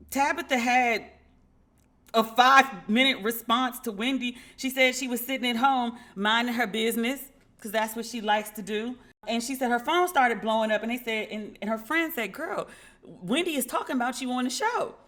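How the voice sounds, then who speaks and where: A woman hosting a podcast, telling stories in a casual, animated way and acting out the dialogue she quotes. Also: a little high, moderate pace. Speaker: podcast host. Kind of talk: casual commentary.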